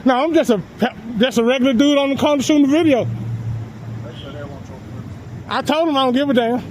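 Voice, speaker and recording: A man with a very high voice talks back casually on the street, brash and taunting, swearing freely and breaking into laughter. He is outdoors on a sidewalk, caught on the camera he holds, with a faint hum of traffic behind him. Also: brisk, a little mellow, low-quality recording. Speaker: citizen filming police.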